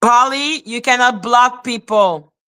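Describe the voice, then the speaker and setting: Bright-voiced woman scolding her live chat. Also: on the high side, slow, clean tone. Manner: confrontational, scolding viewers in chat. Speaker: livestream host. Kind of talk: live stream talk answering chat.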